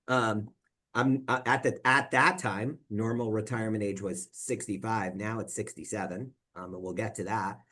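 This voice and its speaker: A man's voice: on the low side, fairly even intonation, normal speed, bright, forceful tone. A young man, a financial advisor, giving a conversational presentation to local government officials, telling personal stories and repeating words as he goes. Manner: conversational, tells personal anecdotes, acts out quoted dialogue; frequent fillers and repeated words. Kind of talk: conference presentation talk.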